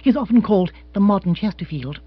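Wry sophisticated wife, read by a man, slightly husky, dry dull recording. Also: sits high, lively intonation, quick pace, no room sound, pitched above the performer's own voice.

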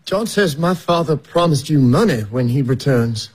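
An actor playing a guilt-ridden young man who speaks haltingly, with a raspy voice. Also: fairly high pitch, expressive, darkish tone. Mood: hesitant. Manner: hesitant, halting.

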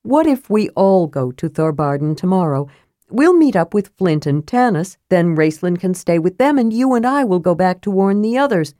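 A big, earnest young warrior, read by a woman, speaking in a low, mellow voice. He sounds pleading and sincere. The sound is close and dry. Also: lively intonation, moderate pace, dry recording, lightly acted.

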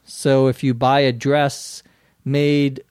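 A man's voice: medium pitch, level tone, takes it slowly, darkish tone, smooth, dry recording, studio quality. A man with a Minnesota accent hosting an English lesson podcast, patiently explaining words and spelling them out. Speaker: English teacher and podcast host.

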